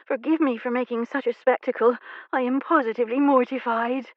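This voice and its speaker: A woman's voice: fairly high pitch, fairly even intonation, fairly quick, no room sound, lo-fi sound, pitched above the performer's own voice, lightly acted. A woman narrator voicing a young woman who plays a fragile, swooning debutante in a coy, dramatic manner.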